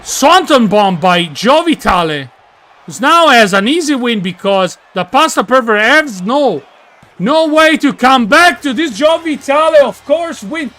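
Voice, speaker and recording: A man calling a video game wrestling match with excitable, yelling play-by-play and slips in English grammar. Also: very high-pitched, measured pace. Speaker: commentator and wrestler persona.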